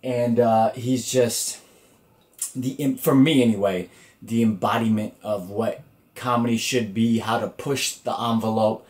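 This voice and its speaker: Speaking unhurriedly in a steady, mid-range voice with a darkish tone, a man runs his own comedy podcast solo. His loose talk is full of swearing, fillers, and restarts.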